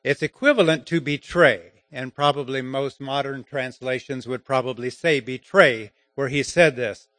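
A man preaching a sermon, speaking haltingly with frequent fillers. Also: mid-range voice, a bit bright, dry recording.

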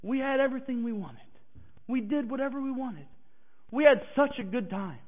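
A man's voice: extremely high pitch, animated, normal speed. A preacher voicing a bitter, scornful young man who mocks faith, in a tinny phone-like recording. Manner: mocking, defiant.

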